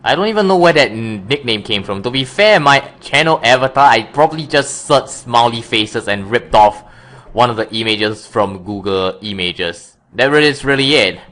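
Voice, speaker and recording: A man's voice: medium pitch, lively intonation, moderate pace, pushed and bright. A man chatting casually as a guest, often correcting himself with wry remarks. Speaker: YouTuber guest. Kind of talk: casual chat.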